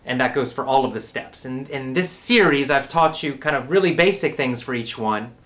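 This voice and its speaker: A middle-aged man giving a casual spoken lesson, talking in a relaxed way, repeating words and often checking in with "right?". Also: medium pitch, moderate pace. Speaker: English teacher.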